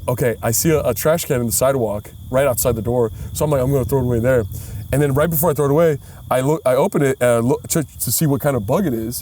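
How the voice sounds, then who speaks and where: A man co-hosting a casual comedy podcast, telling a story in an animated way and acting out quoted voices. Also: medium pitch, a little hiss or hum. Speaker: podcast co-host.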